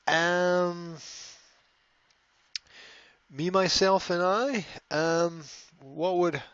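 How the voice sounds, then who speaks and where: A man's voice: high voice, extremely slow, a bit bright, clean tone, no room sound. Rambling man on a dull live stream. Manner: rambling, repeats words, reads out viewer comments. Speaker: language school host answering live chat. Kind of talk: casual live-stream chat.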